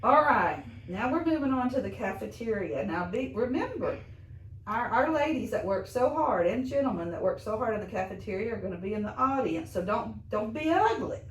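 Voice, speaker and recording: A woman's voice: a little high, expressive, normal speed. A middle-aged woman hosting a casual interview with students, chatty and encouraging, laughing often. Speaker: interviewer, school staff host. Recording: echoey room, mic from a distance, faint noise.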